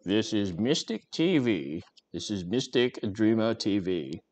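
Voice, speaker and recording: A man's voice: lowish voice, big pitch swings, a little slow, darkish tone. A man putting on a prim, haughty posh voice as an impression of a tea-loving viewer.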